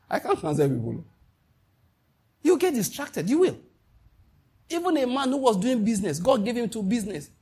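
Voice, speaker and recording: A man with a Nigerian accent preaching a sermon as pastor, emphatic and animated, with Pidgin asides. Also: high-pitched, slightly rough.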